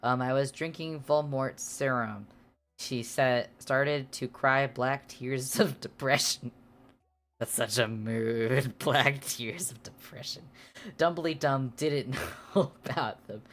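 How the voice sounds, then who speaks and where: A woman's voice: rumbling low, slow pace, fairly bright tone. A woman streamer reading a fanfic aloud for laughs, often breaking into amused asides and hamming up the character lines. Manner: playful, exaggerated delivery of character lines. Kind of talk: comedic dramatic reading with asides.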